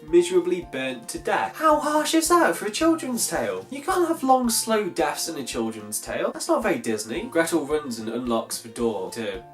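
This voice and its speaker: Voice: medium pitch, sing-song, normal speed, few pauses, soft background music. A video host reading an old fairy tale aloud and breaking off into sarcastic, incredulous, sweary commentary.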